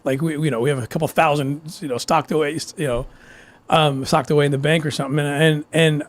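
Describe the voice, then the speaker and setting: A male guest telling a personal story in a halting way, repeating words and laughing between phrases. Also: fairly high pitch, fairly even intonation. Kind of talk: emotional storytelling.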